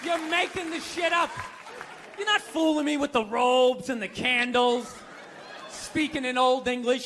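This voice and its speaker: A man doing a stand-up comedy set, ranting profanely and shouting his punchlines with incredulous disbelief. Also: very high voice, a little slow. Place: comedy club stage with audience. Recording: live stand-up with crowd noise. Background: audience laughter.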